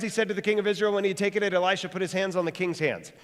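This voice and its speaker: A male pastor preaching a sermon, talking fast and jokey, with animated bursts of energy. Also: high-pitched. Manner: joking, conversational. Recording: long hall reverb.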